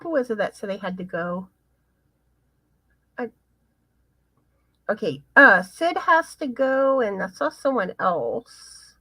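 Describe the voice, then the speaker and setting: A woman hosting a casual live chat, reading viewer comments aloud in an unhurried way. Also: mid-range voice, big pitch swings, bright, forceful tone, no room sound. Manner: chatty, unhurried, pauses to read comments. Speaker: livestream host. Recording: slightly muffled, dry sound.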